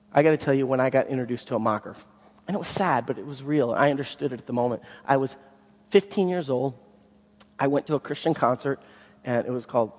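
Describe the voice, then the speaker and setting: A man preaching a sermon as the pastor, telling stories with animation and swinging from loud to hushed. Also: medium pitch. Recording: long hall reverb.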